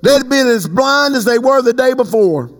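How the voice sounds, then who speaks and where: A man preaching a sermon as pastor, swinging between slow emphatic stretches and sudden high leaps. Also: animated. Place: church sanctuary. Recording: long hall reverb.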